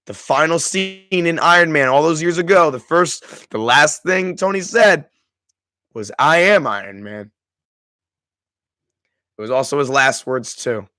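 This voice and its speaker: Effusive man, slightly high voice. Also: moderate pace, bright, forceful tone, dry recording. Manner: effusive, emotional, many restarts. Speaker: streamer and host. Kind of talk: live movie discussion with chat.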